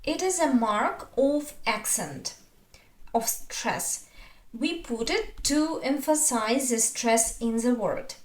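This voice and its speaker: A woman with a Russian accent teaches a beginners' language lesson in a high, lively voice. She speaks slowly and patiently, saying each example word twice or more. The room gives her voice a noticeable echo. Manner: slow, patient, repeats words for learners.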